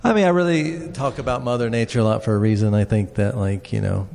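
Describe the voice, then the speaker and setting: Casual guy with a gravelly voice, trips over his words, big hall reverb. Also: on the low side, fast, darkish tone. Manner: hesitant, repeats words, laughs off questions. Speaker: treasure hunt creator answering questions. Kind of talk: live Q&A answers. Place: large convention hall. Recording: echoey convention hall reverb.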